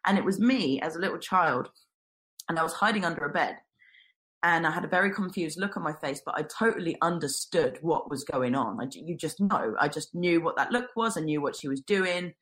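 A woman's voice: deep voice, lively intonation, a little fast, a bit bright, poor audio. A woman earnestly telling a personal story in conversation, candid and sometimes restarting her sentences.

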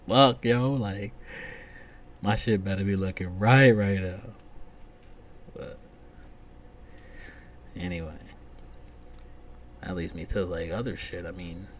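A man hosting a solo comedy podcast, ranting profanely and swinging from loud outbursts to muttered whispered asides. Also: low-pitched, slight background noise. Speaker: podcast host.

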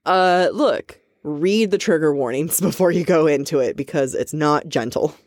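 A woman's voice: sits low, moderate pace, darkish tone, no echo, clean studio sound. A woman co-hosting a podcast, tipsy, chatting casually and laughing a lot as she rambles. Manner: giggly, laughs often, rambling. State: drunk. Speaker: podcast co-host.

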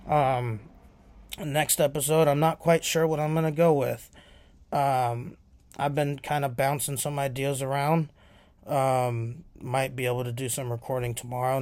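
A man's voice: mid-range voice, darkish tone, no echo. A man hosting his own podcast, rambling casually with many fillers. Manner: rambling, lots of filler ums. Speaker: podcast host.

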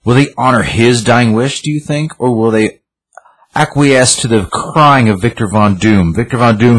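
A man voicing a proud, regal sorceress who speaks in a lofty, mocking, measured way while reading out comic dialogue. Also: lowish voice, breathy edge, low-quality recording. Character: regal sorceress woman, calm, cutting and proud.

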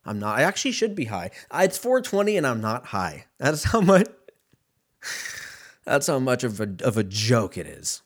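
A man's voice: medium pitch, wildly swooping pitch, normal speed. A man rambling in a casual, profane solo monologue, laughing often and drifting between topics.

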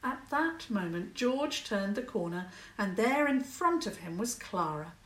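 Woman reading kids' bedtime story, calm, roomy room, a bit far from mic. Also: mid-range voice, unhurried. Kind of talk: children's story narration.

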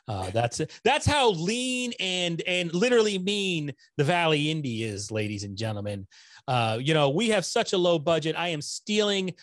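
A middle-aged man hosting a casual livestream from home, rambling and joking at his own expense, a little hoarse from talking. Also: medium pitch, no echo, clean studio sound. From Connecticut. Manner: rambling, self-deprecating, joking. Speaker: host of a nonprofit news livestream. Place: home room lit with LED lights. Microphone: desktop microphone.

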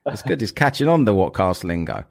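A man's voice: fairly low pitch, big pitch swings, fairly quick, gravelly, darkish tone. A man hosting a podcast in a casual, jokey chat, rambling with plenty of fillers. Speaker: podcast host.

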